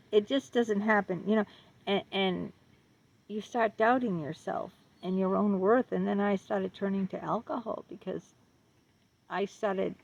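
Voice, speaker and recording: Woman, earnest first-person testimony, gravelly voice, muffled lo-fi sound, emphatic repetitions. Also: medium pitch, a little mellow. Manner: earnest, repeats words for emphasis, asks listener questions; laughs nervously between phrases. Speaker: vlogger sharing her experience. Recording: dull lo-fi audio.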